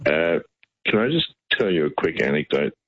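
A man's voice: very deep voice, lively intonation, normal speed, no echo. A middle-aged Australian man calling in to a radio show, telling a rambling story full of restarts. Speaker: caller. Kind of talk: phone-in chat. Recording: muffled phone line.

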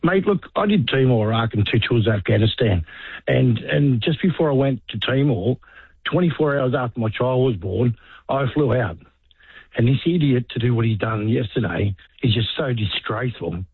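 A man's voice: mid-range voice, lively intonation, moderate pace, husky, no echo. An Australian man in his fifties, an army veteran calling a talk radio show, fired up and indignant, swearing mildly. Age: 50s. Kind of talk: talkback phone call. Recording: tinny phone line.

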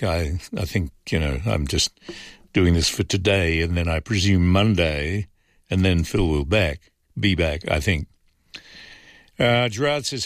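In a clean studio recording free of room sound, a man with a low, slightly slow voice sits in as host of a talkback radio program. He reads out messages from listeners and shares candid opinions in a conversational way, often saying um and uh.

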